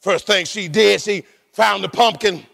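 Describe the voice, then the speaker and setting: Gravelly high-voiced preacher man. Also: a little slow. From rural United States. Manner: animated storytelling preacher, shouting and dropping low by turns; laughs while preaching. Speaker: pastor. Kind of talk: sermon.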